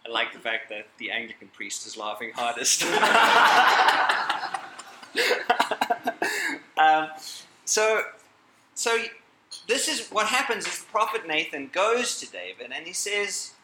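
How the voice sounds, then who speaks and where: A man's voice: a little high, sing-song, takes it slowly, pauses often, bright, forceful tone, slight background noise. A man giving a talk to a live audience, chatty and joking, breaking off mid-sentence and laughing at his own asides. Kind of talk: lively lecture to a live audience. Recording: echoey hall.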